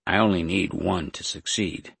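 A man's voice: low voice, fairly even intonation, normal speed, gravelly, a bit bright, breathy edge, no echo, exaggerated voice. A man voicing a vengeful possessor who gloats and mocks with triumphant spite. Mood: gloating. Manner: mocking, triumphant. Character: Jason, a vengeful, gleeful man possessing another's body.

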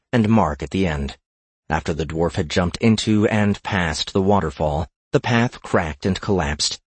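A man reading a fantasy gaming story aloud in a steady narrating voice. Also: low-pitched, husky, no room sound.

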